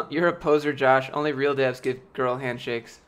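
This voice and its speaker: A man's voice: mid-range voice, fairly even intonation, measured pace, fairly bright tone. Rambling, profane young man streaming. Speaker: streamer answering chat. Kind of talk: casual live-stream chat.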